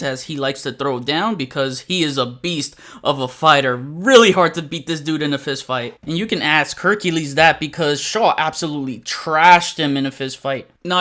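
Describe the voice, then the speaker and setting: A man's voice: fairly high pitch, bright, forceful tone. A man reviewing action figures in a chatty, enthusiastic way. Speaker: toy reviewer. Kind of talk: casual toy review.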